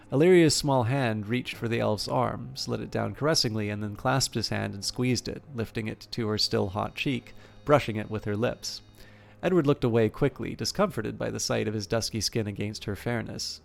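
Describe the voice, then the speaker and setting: Gravelly-voiced man reading aloud. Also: fairly low pitch, moderate pace. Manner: steady reading, occasional slips and asides. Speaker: let's play narrator. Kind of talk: reading a book aloud in a game.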